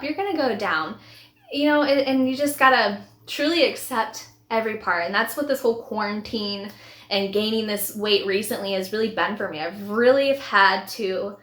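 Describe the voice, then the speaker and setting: A woman's voice: a little high, fairly bright tone. A woman in her thirties, a vlogger telling her personal story in a heartfelt, rambling way with many restarts. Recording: echoey room.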